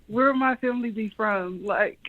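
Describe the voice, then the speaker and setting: A woman's voice: on the high side, normal speed, no room sound. A woman calling into a show, defending herself insistently and leaning on the filler "like". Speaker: caller. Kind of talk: heated call-in debate. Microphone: phone. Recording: tinny phone line, dry.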